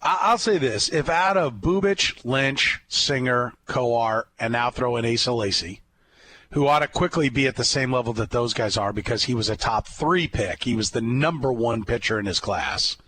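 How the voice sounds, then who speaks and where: A man hosting a sports talk show, chatting casually as an animated storyteller who rambles and restarts often. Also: medium pitch, normal speed. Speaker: radio sports host.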